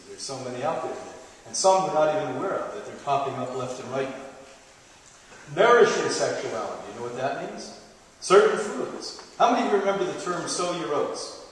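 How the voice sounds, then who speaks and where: Recorded on a distant mic in an echoey large hall, a middle-aged man with a medium-pitched voice delivers a live health lecture to an audience, a playful storyteller cracking jokes throughout.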